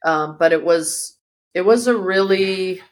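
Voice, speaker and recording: A woman's voice: on the low side, measured pace. A woman guest in an interview, telling a personal story vividly and acting out the voices of the people in it, recorded in her yoga studio. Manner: vivid storyteller who acts out quoted voices.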